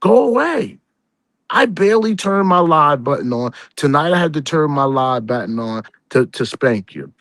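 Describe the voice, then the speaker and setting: A man's voice: mid-range voice, expressive, normal speed, few pauses, a bit bright, no room sound. Guy on a livestream going off, scolding, repeats himself, dry close sound. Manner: heated, repetitive, scolding. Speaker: live streamer; accountant. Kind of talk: ranting live stream.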